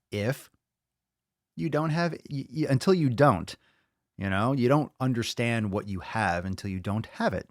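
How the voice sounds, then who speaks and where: A man's voice: medium pitch, no echo, studio quality. A man hosting a live fitness podcast stream, chatting loosely with viewers, joking, swearing and rambling. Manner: loud, joking, profane, rambling. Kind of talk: casual live-stream chat.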